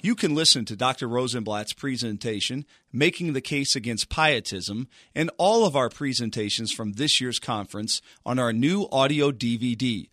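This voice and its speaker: A man's voice: medium pitch, sharp tone, dry recording, studio quality. A man reading a polished, scripted radio promo as the announcer.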